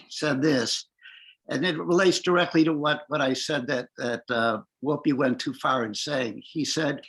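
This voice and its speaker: A man speaking in a community discussion over a video call, halting with many restarts and fillers. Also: on the high side, a bit bright, poor audio. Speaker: discussion participant.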